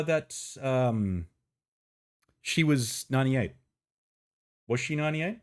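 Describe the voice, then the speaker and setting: A man live-streaming a game, chatting casually with viewers, greeting them by name and laughing and swearing easily. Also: slow. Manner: chatty, greets viewers by name, bursts of excited rising pitch.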